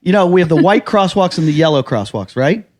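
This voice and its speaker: An American stand-up comedian and podcast host tells a long anecdote in relaxed, casual conversation, talking a little fast in a voice slightly on the high side. He's an animated storyteller who swears a lot and throws himself into shouting the lines he quotes himself saying.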